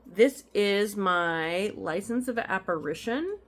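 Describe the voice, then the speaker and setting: At home in her apartment, a woman with a medium-pitched, animated voice chats casually and slowly while showing off her cross-stitch finds. It's relaxed show-and-tell, and she rambles into asides with plenty of ums.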